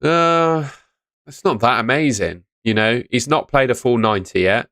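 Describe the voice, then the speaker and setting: A man's voice: mid-range voice, normal speed, a bit bright, dry recording, clean studio sound. A young man hosting a fantasy football live stream in a chatty way, reading out and answering chat messages. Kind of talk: casual live-stream commentary. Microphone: studio microphone on stand.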